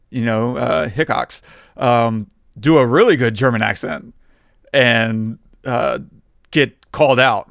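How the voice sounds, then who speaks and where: A man co-hosting a film review podcast, speaking as a writer who builds his arguments piece by piece. His voice sits at an ordinary middle pitch. It is recorded dry and close, with no room echo. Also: creaky, fairly bright tone. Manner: methodical, builds points step by step. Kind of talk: casual film-analysis chat.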